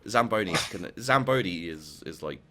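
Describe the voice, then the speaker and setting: A man chatting on his own gaming stream with a bright, forward tone. His pitch jumps around as he laughs at his own jokes and trips over his restarts. It sounds like easy banter between friends. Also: expressive, normal speed. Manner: laughing, joking, stumbling restarts. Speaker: streamer host. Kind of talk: casual gaming stream chat.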